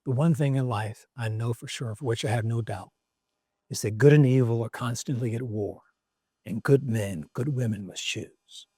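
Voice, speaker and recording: A man voicing a gracious elderly male statesman, speaking slowly and gently. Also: mid-range voice, husky, dry recording, voice pushed down, close to an everyday voice. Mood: calm.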